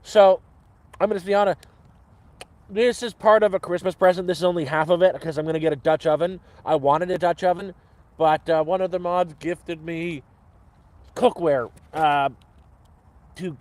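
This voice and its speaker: A man's voice: a little high, a little mellow. Rambling upbeat man chatting on a live stream. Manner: rambling, upbeat, swears freely. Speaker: cooking stream host. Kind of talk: casual live-stream chat with viewers.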